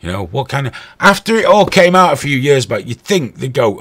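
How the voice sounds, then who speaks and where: A man's voice: medium pitch, sing-song, a little fast, a bit bright. A man hosting a stream with angry, profane, sarcastic ranting commentary. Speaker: host.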